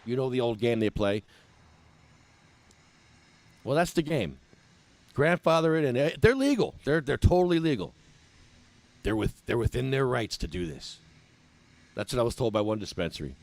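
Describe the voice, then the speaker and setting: A man's voice: medium pitch, very animated, moderate pace, pauses often, darkish tone. A man ranting with sarcasm as a cannabis patient activist, livestreaming from an outdoor protest on his phone.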